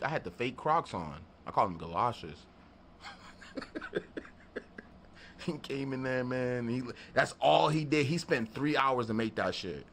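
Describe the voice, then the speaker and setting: A man's voice: fairly low pitch, a little hiss or hum. A man telling a story in a casual vlog, laughing often and acting out people's lines, with plenty of profanity. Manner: animated, laughing, profane storytelling with acted-out quotes. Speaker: beatmaker and studio vlogger.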